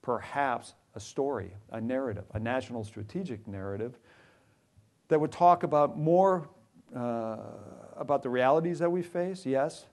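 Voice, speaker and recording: A man's voice: mid-range voice, normal speed. A middle-aged man from Minnesota, a retired military officer telling wry, joking stories at a university talk. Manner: wry, joking anecdotes with animated quoted asides. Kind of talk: storytelling public talk. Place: university lounge event.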